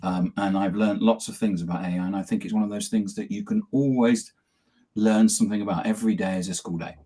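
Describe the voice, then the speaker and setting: A man co-hosting a business talk show, introducing himself in a relaxed way with frequent ums. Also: fairly low pitch, fairly quick, breathy edge. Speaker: co-host, CEO. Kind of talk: casual self-introduction.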